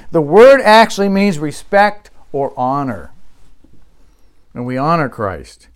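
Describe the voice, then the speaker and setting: Male pastor, sermon delivery, emphatic and insistent, voice sits a little high. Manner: emphatic preaching, swinging between loud insistence and quiet asides.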